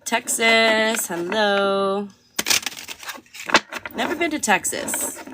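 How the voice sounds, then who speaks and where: A woman's voice: mid-range voice, animated, drawn-out words, heavy background noise. A young woman chatting casually on a livestream while reading tarot cards, rambling with lots of fillers. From Canada. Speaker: tarot reader.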